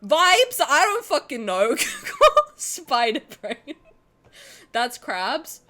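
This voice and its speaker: A woman's voice: high-pitched, wildly swooping pitch, very slow, pushed and bright, soft background music. A young woman streaming from home, bantering with her chat, swearing freely and breaking into laughter. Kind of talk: casual live-stream chat.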